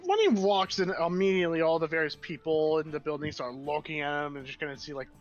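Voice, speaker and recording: A man narrating as game master of a tabletop game, in a casual, relaxed way. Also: on the high side, fast talker, few pauses, lo-fi sound, faint music behind.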